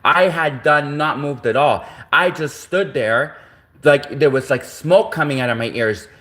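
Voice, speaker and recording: A man's voice: a little high, a little slow, a bit bright. A man from Canada, ranting in a rambling livestream monologue that keeps repeating itself and circling back to the same points.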